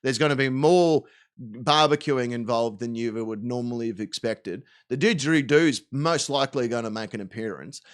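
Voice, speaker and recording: A man's voice: mid-range voice, moderate pace. An Australian man hosting a live stream, chatting casually and cursing a lot as he rambles through jokes. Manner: profane, rambling, jokey.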